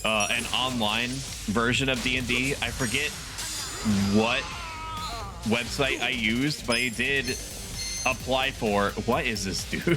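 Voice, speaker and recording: A young man chats his way through a game stream, rambling and poking fun at himself with chuckling asides. His voice sits at an ordinary middle pitch. Game music plays clearly behind him. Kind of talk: casual gaming stream commentary.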